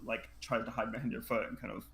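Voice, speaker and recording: A man's voice: mid-range voice, little pitch movement, fast, creaky, a bit bright, a little hiss or hum. Guy running a tabletop game, average voice, kinda meandering with his descriptions. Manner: rambling, filler-heavy descriptions. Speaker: game master.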